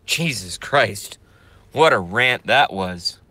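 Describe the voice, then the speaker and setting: A man's voice: lowish voice, animated, takes it slowly, bright, forceful tone, no echo. Angry man ranting on a live stream. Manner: angry, profane ranting with sudden outbursts and apologies. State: voice going hoarse from ranting and smoking.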